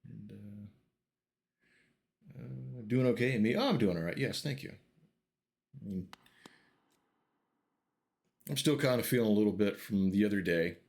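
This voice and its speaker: A man streaming a game, chatting with viewers in a relaxed, wry way and muttering to himself as he plays. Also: fairly low pitch, unhurried, gravelly, pauses often. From American Midwest. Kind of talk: casual gameplay commentary chatting with viewers.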